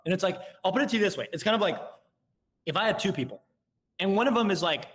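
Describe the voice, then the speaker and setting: A young man, a guest on a casual podcast, explains sales tactics in a lively way and acts out both sides of a call. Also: sits high. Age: young adult. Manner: rapid, animated explaining, acting out both sides of calls.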